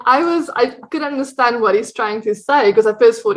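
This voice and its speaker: A woman's voice: a little high, brisk, few pauses, poor audio. A woman with a South African accent, chatting as an interview guest, laughing often and restarting her sentences. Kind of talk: casual conversation.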